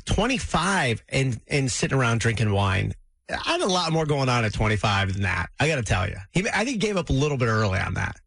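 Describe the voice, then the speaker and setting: A man's voice: medium pitch, sing-song, a little fast, vocal fry, a bit bright, breathy edge, no room sound. A man hosting a morning radio show, chatting casually, laughing easily and filling his talk with "like". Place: radio studio. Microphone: studio microphone.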